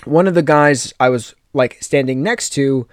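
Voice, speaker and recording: A young adult American man hosts a casual podcast, telling a rambling personal story in a mid-range, clean voice captured with clean studio sound and no room noise. He's chatty, leans on lots of fillers and tosses in quick jokey asides.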